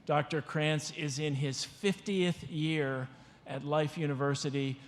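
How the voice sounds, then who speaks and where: A man at a graduation ceremony formally introduces the next speaker. He speaks in a measured, formal way. His voice carries the long echo of a large hall. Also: a little high, steady tone. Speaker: ceremony presenter.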